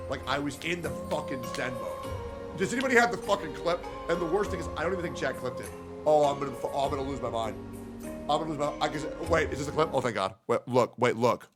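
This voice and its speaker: Young man ranting angrily on stream. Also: medium pitch. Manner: angry, heavily profane venting. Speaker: game streamer. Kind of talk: casual livestream rant. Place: his own messy room. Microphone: headset.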